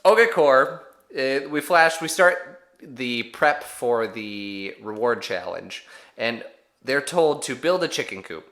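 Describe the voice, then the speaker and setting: A man's voice: medium pitch, lively intonation, slow pace, fairly bright tone. A man co-hosting a podcast in casual chat, wry and self-deprecating as he recaps events. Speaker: podcast co-host.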